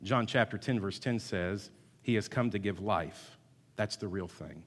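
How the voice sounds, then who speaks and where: A man's voice: on the low side, measured pace. Emphatic male pastor in a reverberant hall. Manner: emphatic, builds to loud call-and-response, repeats words. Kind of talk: sermon. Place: church sanctuary.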